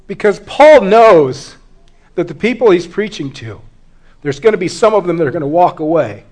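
A middle-aged male pastor preaching a sermon, moving from hushed, quiet stretches to loud, fervent exhortation. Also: on the high side, animated, fast talker.

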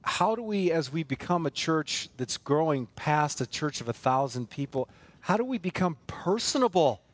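Lively high-voiced preaching man. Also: moderate pace. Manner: emphatic, repetitive preaching with rhetorical questions. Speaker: pastor. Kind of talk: sermon.

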